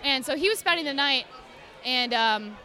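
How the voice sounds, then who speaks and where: A woman guest chatting casually in a podcast interview, telling animated stories, swearing freely and acting out her pets. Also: high voice, moderate pace, a faint crowd. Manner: animated storyteller who swears casually and acts out her cats. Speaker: guest, cosplayer. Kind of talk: casual chat.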